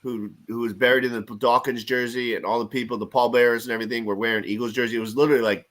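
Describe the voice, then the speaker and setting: A man's voice: mid-range voice, rapid-fire. Guy on a fan podcast, gets worked up and laughs a lot, mid voice. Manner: animated storytelling, laughs often. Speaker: podcast host. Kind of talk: casual fan chat.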